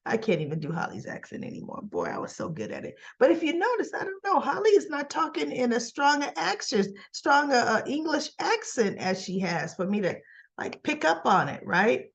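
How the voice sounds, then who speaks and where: A woman's voice: sits high, big pitch swings, normal speed, creaky, muffled recording. A woman reviewing a soap opera episode in a casual, chatty recap, often checking in with "right?" and acting out characters' lines.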